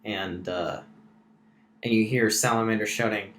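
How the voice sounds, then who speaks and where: A man's voice: lowish voice, steady tone, a little slow, fairly bright tone. Male game master, loose filler-heavy narration, echoey room. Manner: casual, many fillers and restarts. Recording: roomy echo.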